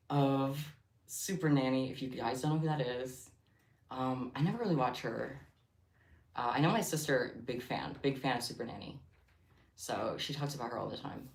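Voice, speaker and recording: A livestream host chatting casually while crafting, giggly and rambling off on tangents. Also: medium pitch. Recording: roomy echo.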